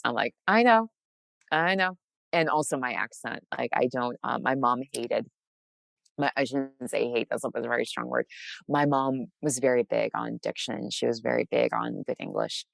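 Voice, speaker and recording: Low-voiced chatty woman, faint Massachusetts accent. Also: vocal fry, no echo. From Massachusetts, USA. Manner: chatty, bubbly, laughs often, many restarts. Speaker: author guest. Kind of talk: casual interview chat.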